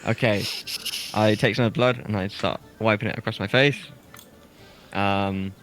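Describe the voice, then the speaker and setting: A man with a lowish voice plays his character at the table, quick and playful, laughing often. Faint music plays behind him. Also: fairly even intonation, fairly bright tone. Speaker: player. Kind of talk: casual tabletop role-play.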